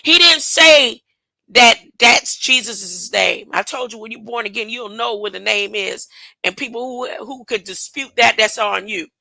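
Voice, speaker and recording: A woman's voice: fairly high pitch, a little slow, creaky, bright, forceful tone, no echo, low-quality recording. A woman preaching an informal Bible lesson, acting out characters in casual speech and often laughing. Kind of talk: informal sermon with storytelling.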